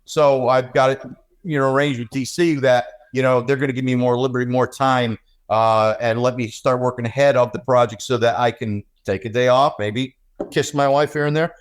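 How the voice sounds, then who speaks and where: A middle-aged man speaking as a comic book artist on a live panel, earnest and steady with many pauses. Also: mid-range voice, smooth. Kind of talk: casual live panel talk. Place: live event before an audience.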